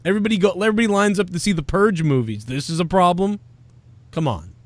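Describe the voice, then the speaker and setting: A man's voice: high-pitched, quick pace, no echo. Rambling American man hosting a show. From United States. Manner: rambling, laughing, swearing. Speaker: podcast host. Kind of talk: casual show banter.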